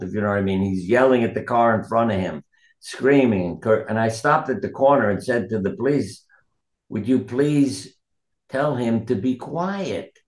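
Recorded with a roomy sound, a doctor and author with a lowish voice reflects on his practice in an interview. He tells earnest stories and quotes the people in them.

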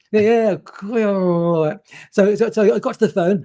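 A man, a photographer telling anecdotes in an animated way, often stumbling and repeating words. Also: high voice, unhurried. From England. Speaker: guest photographer. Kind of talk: anecdotal storytelling.

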